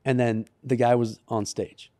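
A man with a mellow, relaxed voice tells a story in a casual podcast studio chat. He shifts into a raised, lively voice when he quotes the people in it. He sounds like a co-host among friends. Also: medium pitch, unhurried.

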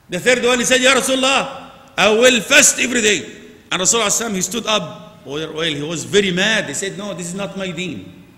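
A man giving a Friday sermon in English, rising to loud emphasis and dropping to quiet asides, recorded in a large mosque hall. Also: high voice, animated, a little fast. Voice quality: non-native English with Arabic phrases. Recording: echoey mosque hall with long reverb.

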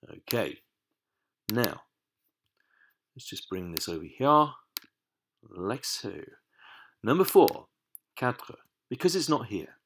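A man teaching a language lesson over his screen, explaining each step patiently and stressing key words, sometimes muttering to himself while he fixes the software. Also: on the low side, slight background noise.

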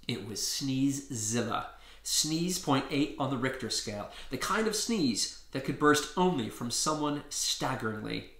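Bright-voiced man reading a story aloud. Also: mid-range voice, roomy sound. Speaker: author reading his book. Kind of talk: storybook read-aloud narration.

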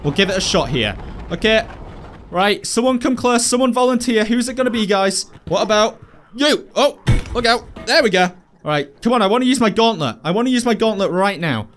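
A young man hosting a virtual reality game video, commentating excitedly and chatting playfully with his opponents. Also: high-pitched, a little fast, faint music behind. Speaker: gaming video host. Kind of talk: VR gameplay commentary.

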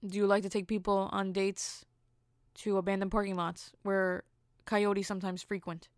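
This young woman's medium-pitched voice is clear and resonant, moving at a moderate pace in a dry, clean studio recording. Hosting a solo podcast monologue, she bluntly relates a dating story and animatedly acts out the dialogue.

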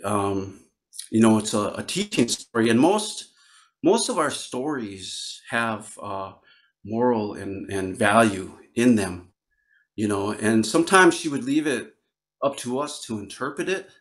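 A man from Northern Wisconsin telling a traditional story in a relaxed, conversational way. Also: lowish voice, unhurried. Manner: relaxed, conversational, many fillers. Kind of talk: oral storytelling.

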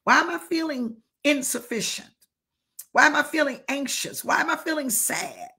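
A woman's voice: sits high, expressive, moderate pace, sharp tone. A woman bishop preaching a fervent sermon, firing rhetorical questions and calling out to listeners, sometimes dropping to a whisper.

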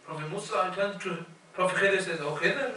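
A man's voice: high-pitched, steady tone, fairly quick, bright, forceful tone, a little hiss or hum. A man preaching a sermon with emphasis, putting rhetorical questions to his audience. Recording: echoey hall, voice from far off.

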